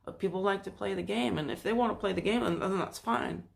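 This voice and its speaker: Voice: medium pitch, quick pace, creaky. A host of a spiritual self-help channel, talking in a casual, rambling monologue with loose phrasing and restarts. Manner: acts out quoted voices in passing.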